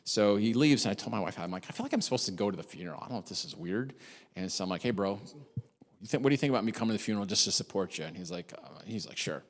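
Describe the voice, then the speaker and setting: A male pastor preaching quickly in a lower voice, spinning a personal story with plenty of asides and self-deprecating jokes. His voice rings out with a long hall reverb behind it. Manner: animated, chatty, self-deprecating humor. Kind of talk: sermon with storytelling.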